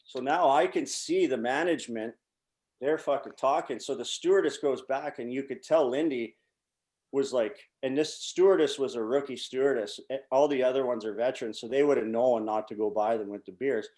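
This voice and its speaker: A man's voice: mid-range voice, brisk, darkish tone. Profane, rambling man telling stories. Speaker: podcast guest, former pro hockey player. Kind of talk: casual storytelling.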